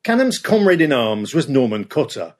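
A man's voice: medium pitch, big pitch swings, normal speed. A man narrating a scripted history podcast with dramatic storytelling.

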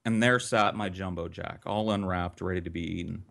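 A man's voice: deep voice, normal speed, gravelly. Profane man telling a wild story. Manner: profane, vivid and animated. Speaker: storyteller on a podcast. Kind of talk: casual storytelling.

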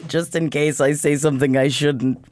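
A woman's voice: low voice, moderate pace, no room sound. A woman co-hosting a podcast, joking and bantering playfully about a novel. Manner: playful, jokey, animated. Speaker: podcast co-host. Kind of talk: casual banter.

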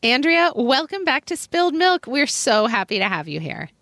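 A woman's voice: high voice, sing-song, moderate pace, fairly bright tone, dry recording, clean studio sound. A woman co-hosting a podcast, joking playfully in casual chat. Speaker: podcast co-host.

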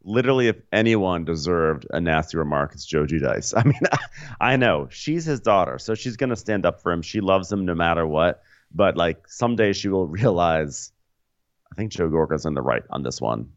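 A man's voice: sits low, expressive, normal speed, dry recording, lo-fi sound. A man co-hosting a comedic TV recap podcast, wry and sarcastic, often laughing. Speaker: podcast co-host.

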